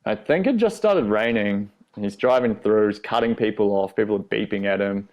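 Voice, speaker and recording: A young Australian man with a lowish voice and a gravelly edge, talking as a guest on an interview show. He tells his stories loosely and casually and swears a lot, chuckling along the way. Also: a little fast, darkish tone, highs cut off. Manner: laid-back, swears freely, laughs through stories. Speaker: guest skateboarder. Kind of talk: casual storytelling.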